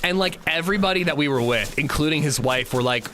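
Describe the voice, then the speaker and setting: A man hosting a casual livestream, telling animated, profane stories while playing and chatting with viewers. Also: fairly high pitch, quick pace, a little hiss or hum. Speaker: livestream host.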